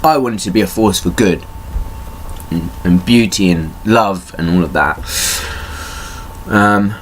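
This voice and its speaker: A man's voice: sits low, slow pace, a little hiss or hum. A man in pain venting in a personal vlog, angry and swearing, his rants rising in heat. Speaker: vlogger.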